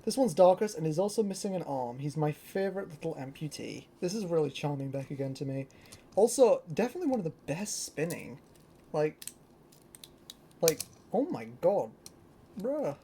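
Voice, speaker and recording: A young adult from Britain, a toy collector chatting casually through a show-and-tell, excitable and rambling with lots of fillers. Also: mid-range voice, normal speed, slight background noise.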